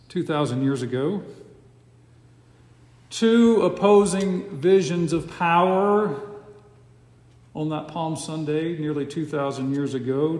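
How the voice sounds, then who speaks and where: Slow, emphatic preacher in an echoing hall. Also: male voice, fairly high pitch. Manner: slow, emphatic cadence with dramatic pauses. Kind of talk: sermon. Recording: echoey hall with long reverb.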